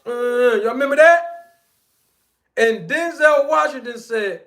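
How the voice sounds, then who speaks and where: A man with a fairly high voice talks boxing straight to his viewers in a loose, teasing way. He jokes, draws stories out, and swings between loud bursts and low asides. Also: moderate pace, pauses often. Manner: playful, teasing, animated storytelling with sudden loud and soft swings. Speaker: boxing commentary host. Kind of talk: casual commentary to viewers.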